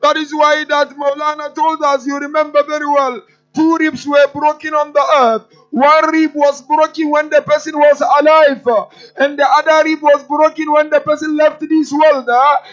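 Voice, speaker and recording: A man's voice: very high-pitched, flat delivery, normal speed, a bit bright. A man preaching an impassioned, mournful sermon in a mosque, often prompting his listeners with a questioning "huh?". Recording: dull lo-fi with faint music.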